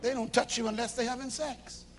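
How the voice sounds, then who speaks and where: A man preaching a sermon to a live congregation, swinging from shouts to low confiding tones and acting out little dialogues in different voices. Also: flat delivery, brisk, slight background noise. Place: church hall with a congregation.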